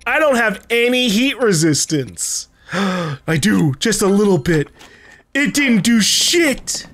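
A man's voice: high-pitched, very animated, slow pace, fairly bright tone. A man giving gameplay commentary, swearing freely and yelping and laughing in panic. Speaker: let's play host.

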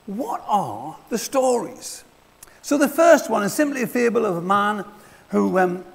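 Lively preacher in an echoing church. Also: male voice, high-pitched, vocal fry. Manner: conversational, acts out little dialogues. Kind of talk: sermon. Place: church hall. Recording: reverberant church hall.

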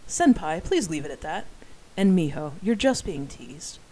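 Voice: medium pitch, big pitch swings, measured pace, mellow, rough recording. An earnest young male coworker, worried and pleading, as a reader puts him on. The voice is slightly raised in a fan-read story.

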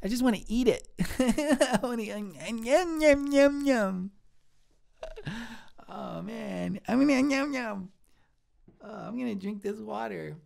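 A man's voice: very high voice, takes it slowly, gravelly, pauses often, a little mellow, exaggerated voice. A man voicing a giddy, childlike young woman who works in a kitchen, giggly and scattered as she answers live chat questions. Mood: bubbly. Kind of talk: improvised live-stream character comedy.

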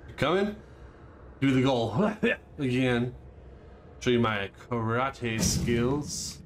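A man playing a horror game and commenting on it with jokes, breaking into panicky yelps and shouts when something startles him. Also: mid-range voice, slow, background noise. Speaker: let's play gamer.

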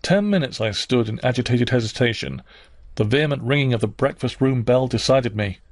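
A man reads a classic novel aloud in a measured, even voice. The sound is dry and close, with no room around it. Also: medium pitch, no room sound. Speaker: audiobook reader. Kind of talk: scripted narration of a classic novel.

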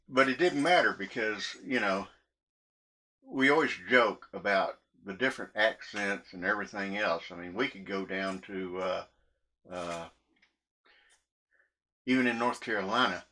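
A man's voice: lowish voice, sharp tone. A man telling meandering stories while he cooks in his kitchen, chuckling often between sentences. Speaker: cooking vlogger. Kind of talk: rambling story told while cooking.

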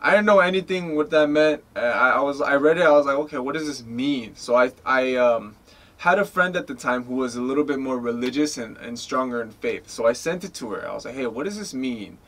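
Fairly quick and mid-range in pitch, this American guest in his twenties spins stories in a relaxed interview, performing the quoted lines and leaning on "like" and "you know".

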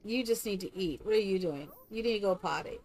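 A woman's voice: medium pitch, fairly quick, darkish tone. A woman streaming a game live, chatting casually and coaxing her characters like a doting mother.

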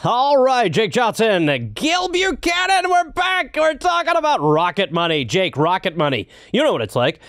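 A man doing a hammy, high-voiced ad-reader guy. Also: huge pitch swings, moderate pace, few pauses, fairly bright tone, exaggerated voice. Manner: hammy, rambling, self-interrupting. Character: cheesy male radio-style ad-reader persona. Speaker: ad read host. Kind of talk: comedic sponsor read.

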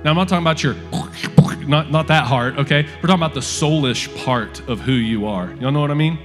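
A male pastor, preaching a sermon in a lively, conversational way with frequent asides to the congregation. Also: a little high, brisk. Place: church auditorium. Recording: long hall reverb with faint music.

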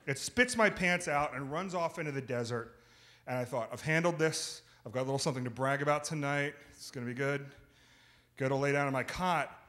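A man's voice: on the high side, sharp tone. A man telling a comic, profane, self-mocking story on a theater stage.

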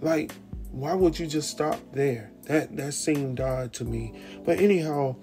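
Guy doing a chill slangy tv recap, mellow relaxed voice, acts out the scenes as he goes. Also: fairly high pitch, unhurried, faint music behind. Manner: loose, slangy storytelling, often retells scenes in quoted dialogue. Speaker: TV episode recap host. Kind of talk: casual episode recap commentary.

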